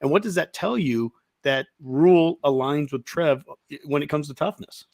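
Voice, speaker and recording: A man hosting a casual sports podcast, animated and excitable, laughing often. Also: fairly high pitch, normal speed, no echo. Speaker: podcast host.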